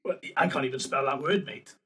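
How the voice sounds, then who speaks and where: Give me a joking Welshman hosting a podcast, a broad Swansea accent and an easy, mid-pitched voice. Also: expressive, fairly quick, a bit bright. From Wales. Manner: banters and laughs, swears freely. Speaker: podcast host. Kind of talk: casual chat.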